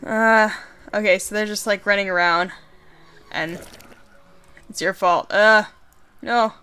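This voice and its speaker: A woman hosting a horror game let's play, reacting excitably with exclamations and swearing. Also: mid-range voice, a little slow, clear, resonant tone. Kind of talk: gameplay commentary and reading game text aloud.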